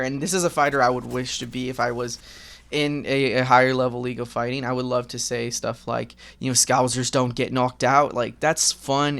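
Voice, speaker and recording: A man's voice: medium pitch, fairly bright tone, clean tone. A man giving casual, rambling commentary while gaming, candid and profane, with lots of fillers. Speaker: gaming vlogger.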